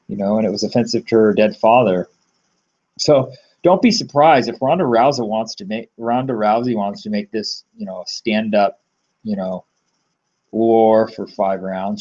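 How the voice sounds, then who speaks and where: A man's voice: lowish voice, darkish tone. Rambling, blunt man on a dull lo-fi recording. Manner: rambling, filler-heavy, blunt with casual swearing. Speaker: MMA betting tipster. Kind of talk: casual solo commentary.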